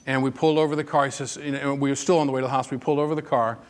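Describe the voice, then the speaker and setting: A man's voice: mid-range voice, little pitch movement, rapid-fire. A man preaching a sermon, telling personal stories in a conversational way that rises into emphatic peaks. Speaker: pastor.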